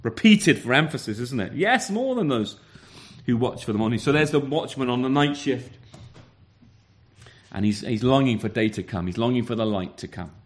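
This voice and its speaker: A man's voice: mid-range voice, animated, moderate pace. A man preaching a sermon, earnest, often repeating words and asking rhetorical questions.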